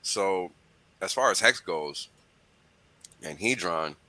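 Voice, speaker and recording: A man with a very low voice and a bright, forceful edge, talking through crypto ideas in a relaxed chat. He keeps checking in with his listeners as he explains. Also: slow, dry recording. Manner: explains with repeated "right?" and "you know". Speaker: host.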